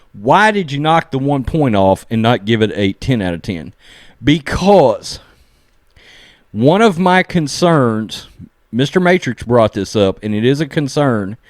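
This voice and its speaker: A man giving a casual episode review, excitedly recapping scenes and acting out the characters' lines, often saying "okay?" and "look". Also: medium pitch, dry recording, clean studio sound. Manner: animated, acts out character lines while recapping. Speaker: show reviewer.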